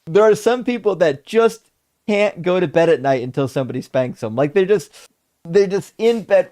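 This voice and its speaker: Gravelly, profane live-stream host. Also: male voice, on the high side, normal speed. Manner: animated, profane, sarcastic. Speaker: debate stream host reading super chats. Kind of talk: casual live-stream chat.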